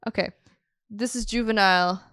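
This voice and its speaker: A woman's voice: mid-range voice, steady tone, normal speed, fairly bright tone, smooth, no echo, studio quality. A woman co-hosting a podcast in casual chat, giggling often and trailing off with fillers. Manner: giggly, laughs often mid-sentence; trailing filler-heavy phrasing. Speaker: podcast co-host.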